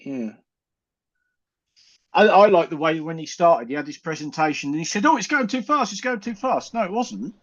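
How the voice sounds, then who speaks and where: A man's voice: fairly high pitch, husky. A middle-aged man on a video call, telling stories and mocking someone in casual group banter. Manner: ranting, mocking, animated storytelling. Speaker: panelist on an online chat show. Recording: muffled lo-fi call audio.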